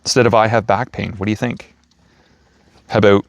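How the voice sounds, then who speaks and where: Gravelly low-voiced man giving motivational talk. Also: fairly even intonation, fairly quick, pauses often, no echo. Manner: gentle, chuckling, playful word emphasis. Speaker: self-help speaker. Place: outdoors feeding raccoons.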